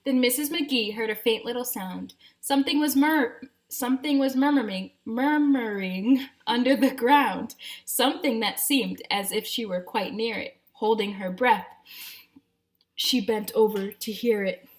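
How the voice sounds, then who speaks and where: A woman teacher reads a rhyming picture book aloud with gentle asides to the children listening. Her voice sits a little high and carries an even storybook lilt, recorded at home. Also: measured pace, low-quality recording.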